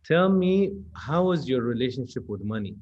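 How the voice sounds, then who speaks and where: Man, interview host, reflective and soft-spoken, middle pitch, slightly muffled sound. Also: big pitch swings, normal speed. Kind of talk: casual interview chat.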